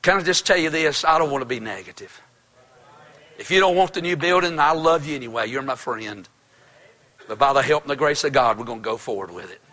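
Male pastor, shouting sermon, fervent, folksy, bright voice. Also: medium pitch, lively intonation, fairly quick.

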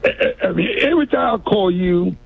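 A man's voice: high-pitched, lively intonation, a little fast, vocal fry, husky. A man calling in to a radio show, rambling through a long story and stammering as he repeats himself. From New York City. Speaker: caller. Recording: tinny phone line.

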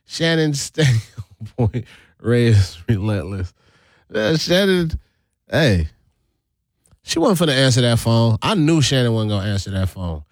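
Animated man chatting on a live stream. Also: measured pace, pauses often, no room sound, clean studio sound. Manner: animated, swings pitch widely, laughs often. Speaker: livestream host. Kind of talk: casual live-stream chat.

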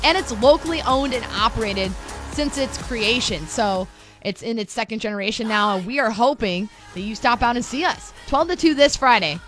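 Upbeat lady radio host doing a live ad, kinda high voice, music playing loud under her. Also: moderate pace. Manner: chatty, upbeat, playful. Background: music bed.

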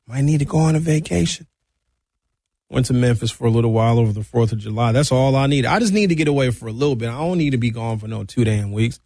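A man hosting a talk radio show, chatting casually to listeners with lively slangy asides, from a studio mic. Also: medium pitch, no echo.

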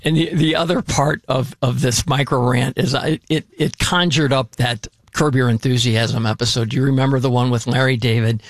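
A man's voice: medium pitch, fairly even intonation, normal speed, few pauses, dry recording, studio quality. A man co-hosting a casual talk show about dining out, telling stories with many restarts and repeated words. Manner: rambling storyteller with many restarts. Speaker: radio show co-host talking about local dining. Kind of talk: casual chat.

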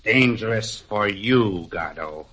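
An actor playing a cold, menacing master criminal who speaks in a measured, formal, threatening way in a 1940s radio drama. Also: male voice, fairly low pitch, expressive, fairly bright tone, husky, exaggerated voice, low-quality recording. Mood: commanding.

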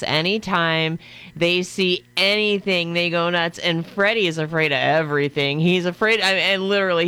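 A woman's voice: on the low side, a bit bright, clean tone. A woman radio host chatting casually on air, telling a story with a chatty, laughing manner into a studio microphone.

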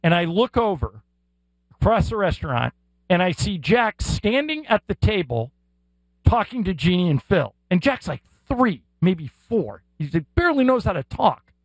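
Higher-voiced man telling a story. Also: normal speed, dry recording, rough recording. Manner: animated storyteller, acts out voices. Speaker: sports radio co-host. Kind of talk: storytelling on a radio show. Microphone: studio mic.

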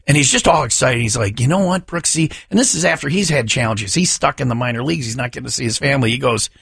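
A man's voice: mid-range voice, animated, rapid-fire, creaky, a bit bright, husky, no echo, studio quality. A man hosting a morning radio show, telling rambling, self-mocking stories in casual banter.

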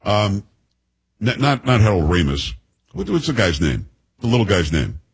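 A chatty man from the United States hosts a talk show, riffing on the news with sarcastic asides. His voice is husky and rough, with some breath in it. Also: fairly low pitch, sing-song, normal speed, rough recording. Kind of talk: casual political commentary.

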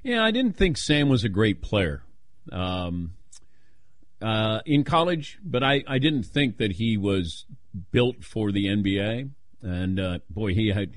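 Lively low-voiced radio host, dry close mic. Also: male voice, no echo. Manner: self-deprecating, laughs easily. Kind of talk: call-in radio talk.

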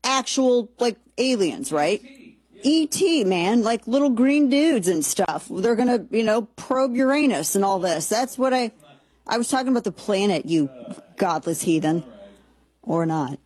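A woman giving sarcastic, animated commentary in a casual talk, often jumping into excited squeals. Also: fairly high pitch, unhurried, husky.

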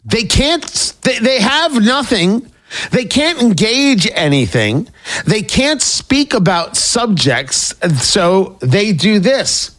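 A man's voice: high voice, very animated, takes it slowly, a bit bright, slight background noise. A man hosting his own show, reading a sponsor ad with emphatic repetition. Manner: emphatic, repeats points for stress. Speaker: radio show host. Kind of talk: host-read sponsor ad.

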